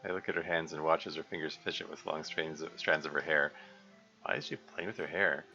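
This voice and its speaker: A man's voice: very deep voice, steady tone, a little fast, pushed and bright, muffled recording, faint music behind. A man streaming a visual novel playthrough, reading it aloud and adding chuckling, self-interrupting commentary.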